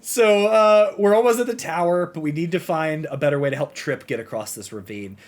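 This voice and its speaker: A man's voice: a little high, a little fast. A man co-hosting a podcast, casually recapping a game and acting out the characters' lines. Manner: rambling, acts out character lines. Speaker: podcast co-host.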